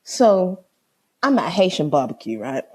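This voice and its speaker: A woman's voice: fairly low pitch, sing-song, normal speed, slightly rough. A woman hosting a podcast, telling a story casually and with animation, swearing freely and acting out both sides of the conversation. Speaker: podcast host.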